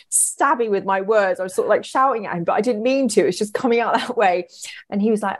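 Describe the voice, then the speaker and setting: A woman's voice: mid-range voice, fast, no room sound. A young woman casually telling a story, chatty and swearing, acting out the voices she quotes.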